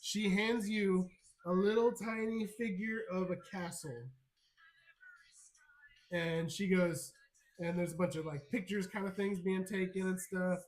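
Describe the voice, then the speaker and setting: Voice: mid-range voice, fairly even intonation, a little slow, rough recording. A game master narrating a tabletop game on a live stream, laughing often and telling the story with energy.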